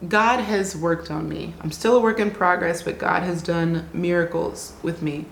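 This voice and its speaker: A woman telling a casual travel diary story, animated and often laughing, restarting her sentences. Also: fairly low pitch, moderate pace, vocal fry, a little hiss or hum. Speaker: travel vlogger. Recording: roomy echo with faint ambience.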